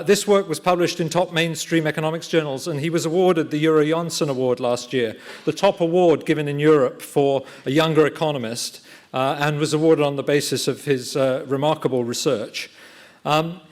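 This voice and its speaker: Man chairing a lecture with a fairly high voice. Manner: measured, frequent "uh" hesitations. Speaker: event chair. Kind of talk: formal introduction. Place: lecture theatre.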